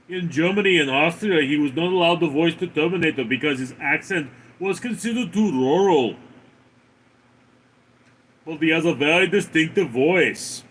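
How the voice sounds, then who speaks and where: Guy on a livestream reading chat out loud, slow and deadpan, voice jumps up and down a lot, bit of hiss behind him. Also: fairly high pitch. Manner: dry, deadpan replies to viewer comments. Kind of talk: casual chat reading comments aloud.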